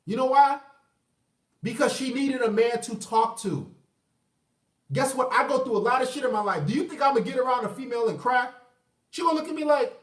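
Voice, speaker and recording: A man's voice: very high voice, animated, fairly quick, fairly bright tone. A man ranting in a profane, emphatic, combative livestream monologue. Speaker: vlogger. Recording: echoey room, far from mic.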